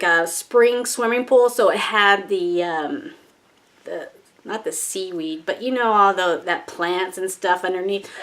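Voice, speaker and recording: Chatty woman vlogger telling a story. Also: mid-range voice. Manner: chatty and animated, acts out her own panicky thoughts; swears casually, laughs at herself. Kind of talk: casual personal storytelling.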